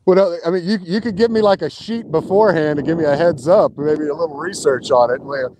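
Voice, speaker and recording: A man with a fairly high voice talks a little fast over some background noise. As a podcast guest, he rambles through an animated, profane story full of restarts.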